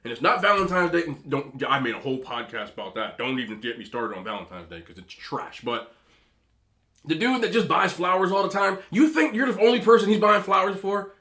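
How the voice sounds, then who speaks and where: A man's voice: a little high, sing-song, fairly quick, pushed and bright. A man hosting a mukbang, giving opinionated casual rants while he eats and talks with his mouth full. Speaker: mukbang host. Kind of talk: casual ranting while eating.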